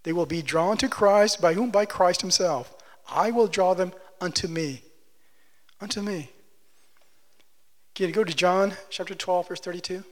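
A man preaching a sermon, building to loud, emphatic passages and dropping back to quiet, plain reading of scripture. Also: high voice, a little slow, pauses often. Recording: long hall reverb.

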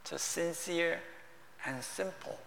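Slow, high-voiced preacher in an echoing hall. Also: male voice, creaky, a little hiss or hum. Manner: warm conversational preaching in broken English, rising to emphatic bursts. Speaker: pastor. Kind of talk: sermon. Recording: echoey hall with long reverb.

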